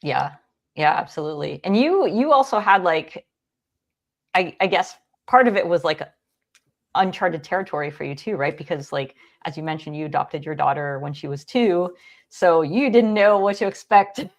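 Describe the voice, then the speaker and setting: A woman hosts a livestream panel with a lowish voice. She keeps affirming her guests and steers with follow-up questions. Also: expressive. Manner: supportive, quick affirmations. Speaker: host.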